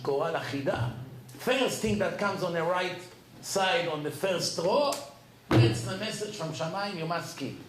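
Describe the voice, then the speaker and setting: A rabbi telling personal stories in a lecture, acting out the dialogue. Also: male voice, echoey room, a little hiss or hum, poor audio. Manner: animated, acts out dialogue with rising pitch. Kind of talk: storytelling lecture.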